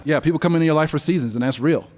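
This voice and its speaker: At an event venue, a business leader in his forties races through stories in a fairly high voice while being interviewed on stage before a live audience. He stays relaxed and conversational but gets animated when quoting others.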